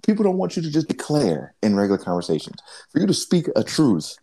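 A young man chatting casually with friends on a podcast, rambling and animated, with lots of fillers. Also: fairly high pitch, quick pace, husky. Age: young adult. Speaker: podcast co-host. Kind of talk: casual chat among friends.

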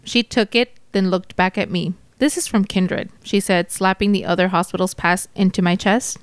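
A woman's voice: medium pitch, fairly even intonation, moderate pace, clear, resonant tone, dry recording, lightly acted. A woman reading as a cynical male ambulance-chasing lawyer, in a wry, hard-boiled first-person storybook narration. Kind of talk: audiobook narration.

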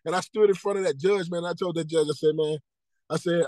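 High-voiced man telling his testimony. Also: fairly even intonation, a little fast, a little mellow, dry recording, low-quality recording. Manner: earnest storytelling, repeats key phrases, acts out dialogue. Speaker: podcast guest, motivational speaker. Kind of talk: personal testimony in casual interview.

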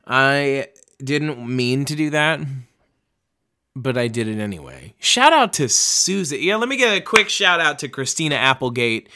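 A man's voice: medium pitch, expressive, unhurried, bright, forceful tone. A young man hosting a book-reading show, chatting in a loose, rambling, profane and self-mocking way. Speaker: podcast host reading books aloud. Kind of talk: casual rambling chat.

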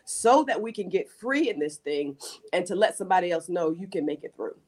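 A woman's voice: on the low side, expressive, brisk, darkish tone. A middle-aged woman pastor giving her testimony in a talk show conversation, earnest, often restarting and repeating her words. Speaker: pastor, guest.

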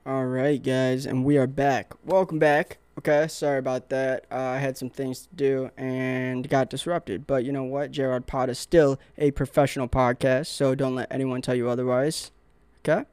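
A man's voice: medium pitch, flat delivery, moderate pace, darkish tone, clean tone, no room sound. A young man hosting his own podcast, telling rambling, profane stories and acting out quotes in a casual monologue. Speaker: podcast host.

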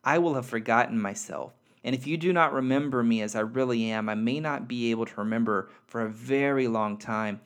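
A man's voice: medium pitch, a little fast, hardly any pauses, natural voice. A man reading the part of a loving, playful soul spirit who speaks tenderly and reassuringly.

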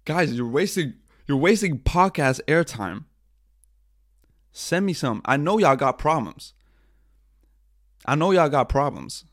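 A young man hosts his own podcast on a livestream, talking casually while swearing, sounding frustrated and mocking himself. His medium-pitched voice comes through clean studio audio without echo.

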